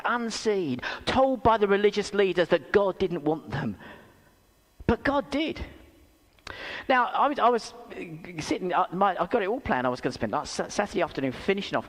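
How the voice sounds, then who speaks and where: Animated, high-voiced preacher in echoing hall. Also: male voice. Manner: animated storytelling with rhetorical questions; self-deprecating humour. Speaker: pastor. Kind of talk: sermon. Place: church hall. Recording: reverberant church hall.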